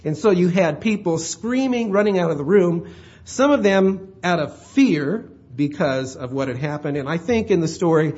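A man's voice: a little high, lively intonation, moderate pace, darkish tone, breathy edge, dull audio. A male pastor preaching a sermon in a conversational way, often checking in with his listeners. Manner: conversational, checks in with "all right?".

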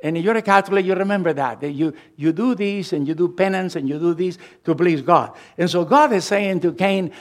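A pastor from Latin America with a Latin American Spanish accent, preaching a sermon with emphatic, slowed phrases. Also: male voice, high-pitched.

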